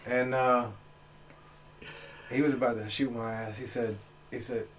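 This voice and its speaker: Guest storyteller: casual man, animated, voices the quotes in a higher pitch. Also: unhurried, slight background noise. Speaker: podcast guest.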